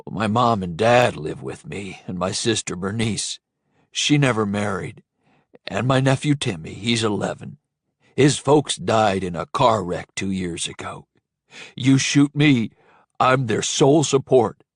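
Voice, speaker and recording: A man voicing a gentle, pleading trucker. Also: on the low side, expressive, unhurried, dry recording, studio quality. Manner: pleading, soft-spoken. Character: kindly middle-aged male trucker, gentle and frightened.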